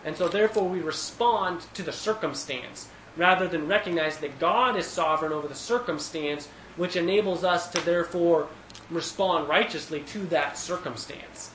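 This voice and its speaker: A man leading a casual Bible study who thinks aloud with fillers and restarts, getting animated when he retells scenes. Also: fairly high pitch, moderate pace, echoey room, slight background noise, poor audio.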